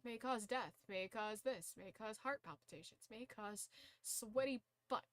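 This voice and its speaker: A woman's voice: mid-range voice, measured pace, fairly bright tone, no echo. A young woman streaming casually, who swears freely, laughs a lot and shrieks in disbelief. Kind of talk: casual live-stream chat.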